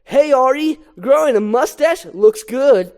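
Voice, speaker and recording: A reader voicing an excitable young male bee fresh out of school, in a raised, lively voice. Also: high-pitched, a little slow, pitched above the performer's own voice. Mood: excited. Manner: excitable, chirpy.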